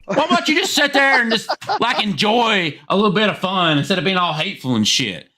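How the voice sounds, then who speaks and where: Rowdy Southern-accented stream host. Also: male voice, high-pitched, sing-song, brisk, pushed and bright. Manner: rowdy, profane and joking. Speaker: livestream call-in show host. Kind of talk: casual live stream chat.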